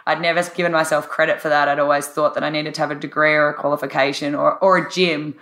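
Husky, laughing woman guest. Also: low voice, level tone, quick pace, fairly bright tone, echoey room. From Australia. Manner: enthusiastic, laughs often, rambling. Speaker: podcast guest, life coach. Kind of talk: casual interview chat.

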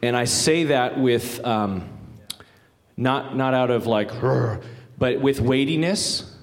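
A man's voice: medium pitch, takes it slowly. A male pastor giving a sermon in a folksy, conversational way with joking asides. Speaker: guest pastor. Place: church sanctuary.

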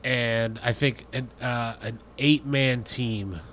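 Halting man chatting, faint hiss. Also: mid-range voice, steady tone, fairly bright tone. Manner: halting, thinks aloud, frequent restarts. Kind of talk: casual chat.

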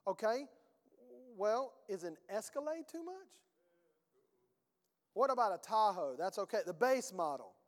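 A man's voice: high voice, animated, measured pace, pauses often, in a large hall. A male pastor preaching a sermon in a conversational, emphatic way, with rhetorical questions and folksy phrasing.

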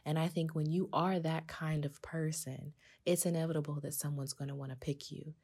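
A woman's voice: sits low, fairly quick, breathy edge. A woman hosting a podcast, talking casually and with animation to her listeners. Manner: animated, conversational, addresses listeners as sis. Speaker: podcast host.

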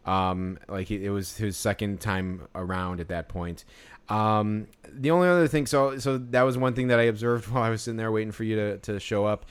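A man's voice: fairly low pitch, fairly quick, clean tone. A man telling a story in casual chat, rambling with many fillers and restarts. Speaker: podcast co-host.

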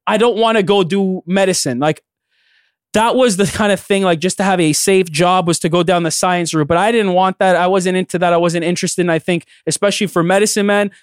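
Emphatic young man with a high voice. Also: steady tone, a little fast, smooth, no room sound, studio quality. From Canada. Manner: emphatic, storytelling, repeats phrases. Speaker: magician guest. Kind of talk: casual interview talk.

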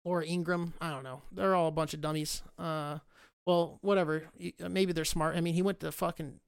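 Profane, sarcastic man ranting, high voice. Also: fairly even intonation, brisk, creaky, clean tone, dry recording, clean studio sound. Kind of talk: casual rant.

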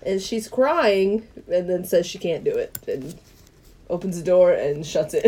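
A woman's voice: on the low side, slightly rough. Laughing woman recapping a movie plot. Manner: animated storytelling, quick to laugh, acts out quoted lines. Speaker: podcast co-host.

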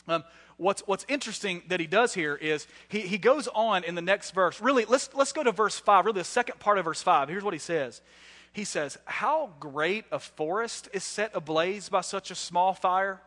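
A man in his thirties, a guest preacher delivering a sermon with animated storytelling and self-deprecating humor. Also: high-pitched. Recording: echoey hall.

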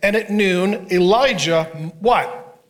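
High-voiced pastor preaching with sarcastic humor. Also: male voice, takes it slowly. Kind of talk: sermon.

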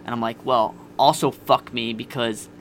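A man's voice: mid-range voice, fairly even intonation, moderate pace, slight background noise. A young man casually telling a candid, profane personal story on a podcast. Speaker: podcast guest.

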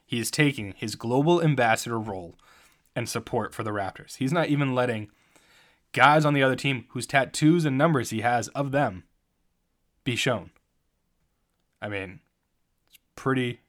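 A man's voice: mid-range voice, a bit bright. A young man hosting a solo sports podcast, talking in a jokey, rambling and self-mocking way. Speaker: podcast host.

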